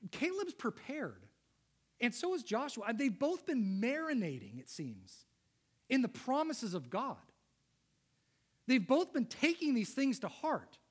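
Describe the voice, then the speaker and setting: Male preacher, high-pitched, emphatic sermon delivery with swells and drops. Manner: emphatic, builds to loud peaks then drops low.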